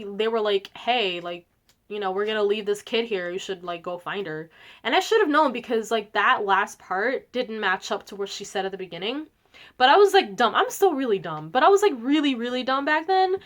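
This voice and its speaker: A woman's voice: fairly high pitch, a bit bright. A young woman vlogger telling a childhood story in a rambling, giggly, self-mocking way, full of "like" and "um". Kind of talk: casual storytelling vlog.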